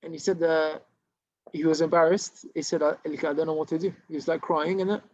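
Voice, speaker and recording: Rabbi telling a story, dull recording. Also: male voice, on the high side, flat delivery, fairly quick, darkish tone. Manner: informal, anecdotal, frequent restarts and Hebrew terms. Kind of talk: storytelling Torah class.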